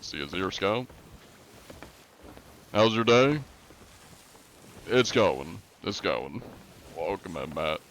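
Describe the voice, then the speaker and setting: Young male game streamer, low gravelly voice, laid-back chat-reading, faint background hum. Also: lively intonation, takes it slowly, pauses often, a bit bright. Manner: laid-back, reads chat aloud, laughs often. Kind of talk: casual live-stream chat.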